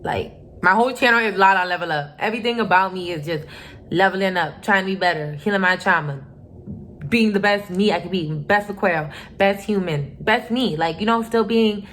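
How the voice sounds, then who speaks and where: A young woman vlogger recounts a personal story in a casual, emphatic way. She is blunt and profane, and her voice sits at a middle pitch. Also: moderate pace, fairly bright tone, slight background noise. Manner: candid, profane, emphatic retelling.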